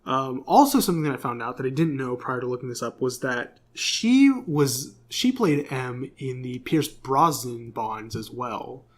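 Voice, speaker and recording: A young man co-hosting a laid-back podcast, talking in a loose, rambling way. He fills gaps with ums and uhs and corrects himself mid-sentence. His voice sits at an ordinary middle pitch. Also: expressive, measured pace, few pauses. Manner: rambling, filler-heavy, self-correcting. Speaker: podcast co-host. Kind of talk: casual chat.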